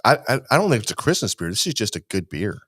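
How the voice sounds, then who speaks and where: A man's voice: lowish voice, very animated, quick pace, fairly bright tone, slightly rough, no echo, clean studio sound. A man co-hosting a live barbecue podcast, chatting casually and joking while rating beers. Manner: jokey, laughs often, acts out quotes. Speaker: podcast co-host.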